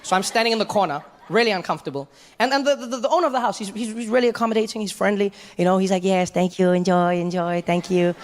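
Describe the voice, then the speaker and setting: A man's voice: sits high, very fast, long reverb tail. A man from Africa telling a long funny story on stage and jumping into voices as he goes. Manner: animated storytelling with frequent voice act-outs. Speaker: stand-up comedian. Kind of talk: stand-up storytelling. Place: comedy club stage.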